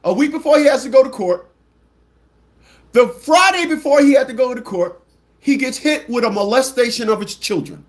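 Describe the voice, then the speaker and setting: Animated high-pitched male host. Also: moderate pace. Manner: animated storyteller, mimics callers with shrill squawks; blunt and mocking, repeats phrases. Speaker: radio show host. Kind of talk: livestream monologue telling a story.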